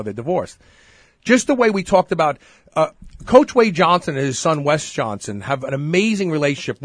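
Male podcast host, lively pitch, slightly husky, dry close sound, opinionated casual talk. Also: no echo. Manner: animated, opinionated, repeats words when starting. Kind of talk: casual chat.

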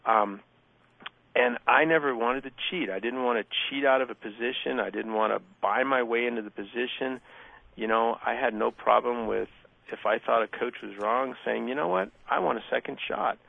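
A middle-aged man with a deeply gravelly, fry-heavy voice tells his stories casually and acts out each exchange he quotes. He comes through a tinny, dry phone line. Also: moderate pace, no room sound. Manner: animated storyteller acting out quoted exchanges. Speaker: guest, former athlete. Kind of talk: casual interview storytelling. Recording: dry, phone-like narrow sound.

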